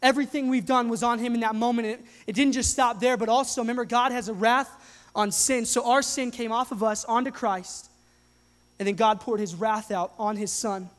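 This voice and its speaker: Young guy pastor preaching, high pitched, restarts a lot, long hall echo. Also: normal speed. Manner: earnest, animated, restarts often. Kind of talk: sermon with live demonstration. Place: church hall with live audience.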